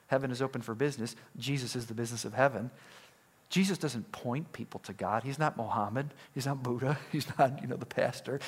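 A male pastor delivering a sermon with a fairly high voice that rises and falls a lot. He acts out the quoted dialogue, swinging from loud, raised lines down to hushed asides.

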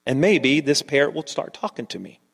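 A man's voice: mid-range voice, very animated, a little fast, gravelly, fairly bright tone, husky, pitched below the performer's own voice, heavily acted. A man voicing a distressed woman complaining about her silent parrot, told as part of a joke in a sermon, in a reverberant hall. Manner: complaining, pleading.

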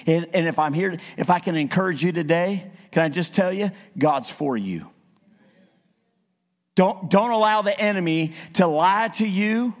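A man preaching a sermon as a visiting evangelist, animated and acting out quotes in his stories. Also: high voice, a little slow. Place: church. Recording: church sanctuary with long reverb.

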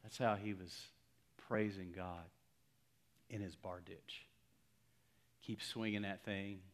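A middle-aged man preaching a sermon, telling a story and swinging between loud exclamations and hushed, near-whispered lines. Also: sits low, fairly even intonation, takes it slowly. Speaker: pastor.

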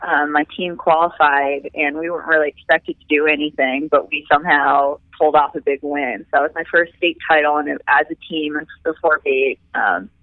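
A woman's voice: deep voice, steady tone, brisk, hardly any pauses, no room sound. Young woman on a tinny phone line. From Northern Virginia. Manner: chatty, self-deprecating humor. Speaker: guest runner. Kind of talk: phone interview.

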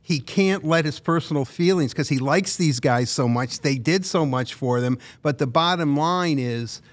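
A man's voice: fairly high pitch, moderate pace. A man co-hosting a sports podcast, telling long, meandering stories in casual chat. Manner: rambling, meandering storyteller. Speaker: podcast co-host.

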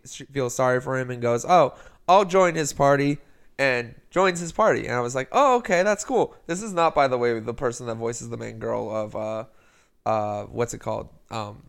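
A man's voice: medium pitch, fairly even intonation, moderate pace, vocal fry, smooth. A man co-hosting a casual podcast, rambling through a plot recap and quoting the characters' lines. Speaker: podcast co-host. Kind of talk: casual chat.

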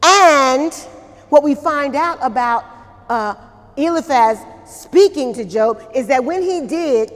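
A woman pastor preaches a church sermon at an unhurried pace. Her voice sits a little high. She talks conversationally, repeats words and asks the congregation questions. A long reverb hangs around her voice. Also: expressive. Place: church during a service.

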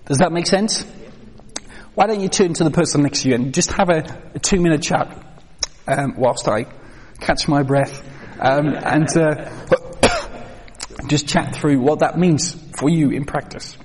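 Speaking unhurriedly with long pauses, a man with a slightly high voice gives a training talk on children's faith before a hall audience. He is conversational, uses plenty of fillers and questions the room, and the reverberant recording has slight background noise.

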